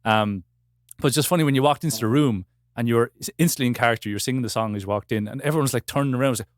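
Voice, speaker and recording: A man's voice: mid-range voice, rapid-fire, no echo, studio quality. A man co-hosting a podcast, asking long, enthusiastic questions in a casual chat. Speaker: podcast co-host.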